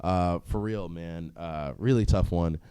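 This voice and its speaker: A man's voice: sits low, a little slow, warm tone, clear, resonant tone, no echo. A young man hosting a solo podcast, talking casually in a profane, rambling way, with frequent laughs and filler words. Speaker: podcast host.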